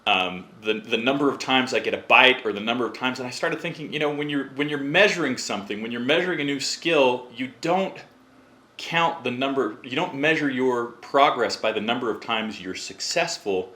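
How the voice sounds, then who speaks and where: A man's voice: medium pitch, moderate pace, pushed and bright. A man, a podcast guest, telling a long story in a chatty way and acting out the voices of the people in it. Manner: chatty, acts out quoted voices. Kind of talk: casual storytelling.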